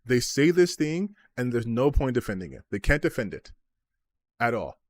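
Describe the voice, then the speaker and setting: A man's voice: mid-range voice, big pitch swings, normal speed, dry recording. A man streaming as a gaming commentator, ranting about online comments with sarcasm, exasperation and frequent swearing.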